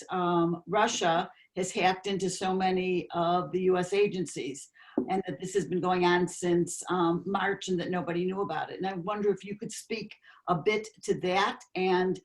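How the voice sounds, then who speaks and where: A woman's voice: fairly low pitch, rough recording. A woman moderating a book talk, asking the author questions in a hesitant way with fillers. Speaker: event moderator.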